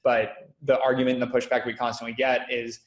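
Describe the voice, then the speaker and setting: A man, a company founder, being interviewed and telling stories in a lively way, acting out quoted dialogue. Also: mid-range voice, reverberant. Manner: fast, animated, acts out quoted dialogue. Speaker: guest, company founder and CEO. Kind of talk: conversational interview storytelling.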